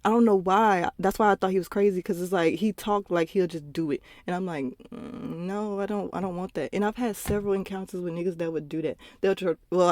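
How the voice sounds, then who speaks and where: A woman's voice: on the low side, a little mellow, no room sound, clean studio sound. A young woman hosting her own podcast, telling personal stories in a rambling, profane, casual monologue with laughing asides, recorded at home. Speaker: podcast host.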